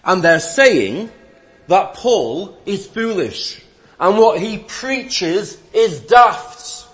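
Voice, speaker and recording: A man preaching a sermon, reading scripture and explaining it with dry, wry humor and earnest emphasis. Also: sits high. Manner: slow, deliberate delivery with lively rise and fall.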